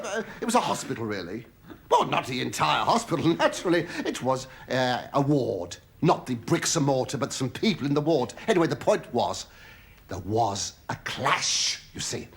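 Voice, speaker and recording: A middle-aged man doing stand-up patter to a studio audience, halting and stammering, with sudden high squeals. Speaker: comedian and sitcom star. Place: television studio before a live audience. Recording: loud studio audience laughter and noise.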